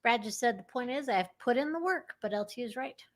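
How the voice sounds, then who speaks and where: A woman co-hosting a recovery stream in casual chat, upbeat and playful, cheering people on with quick interjections. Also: fairly high pitch, expressive.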